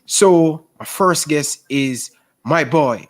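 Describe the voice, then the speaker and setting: A man hosting a casual post-match football fan stream, excitable and repetitive, often calling people bro. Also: a little high, slow, slight background noise. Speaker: fan show host.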